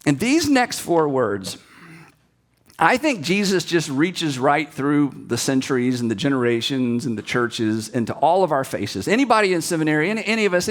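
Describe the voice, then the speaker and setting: A pastor giving a sermon-style talk to seminary students. He tells stories with energy, acts out the people he quotes, and drops to a hushed voice for emphasis. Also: medium pitch. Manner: animated storyteller who acts out quotes and drops to quiet emphasis.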